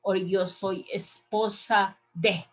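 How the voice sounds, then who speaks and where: A woman's voice: medium pitch, steady tone, slow pace. A woman teaching a Spanish lesson over slides, speaking patiently and repeating words so learners can drill them. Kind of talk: online language lesson with slides.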